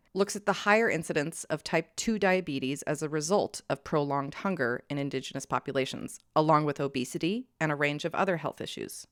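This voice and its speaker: A woman's voice: low voice, no room sound, clean studio sound. A woman co-hosting a history podcast, reading prepared research and breaking into heated outrage. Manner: reads prepared notes, flares into heated outrage. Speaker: podcast co-host presenting research. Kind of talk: scripted history podcast with casual banter.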